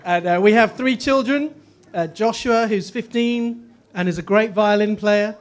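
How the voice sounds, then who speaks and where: A guest speaker in his forties from Northeast England, with a posh English accent, gives a humorous testimony about his personal faith, full of self-deprecating jokes. His voice is high and unhurried, and a slight hiss or hum is audible.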